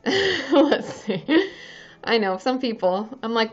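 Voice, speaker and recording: A woman therapist speaks slowly in a high-leaning, sing-song voice during a casual livestream chat. She's open and chatty, with plenty of swearing and laughter, and the stream audio is dull and lo-fi.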